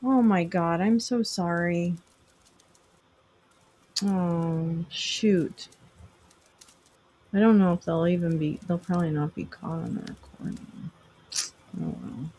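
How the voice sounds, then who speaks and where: A woman's voice: fairly low pitch, lively intonation, a little slow, pauses often, mellow, breathy edge, lo-fi sound. A middle-aged woman hosting a casual livestream, rambling and self-deprecating as she chats with viewers. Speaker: livestream host.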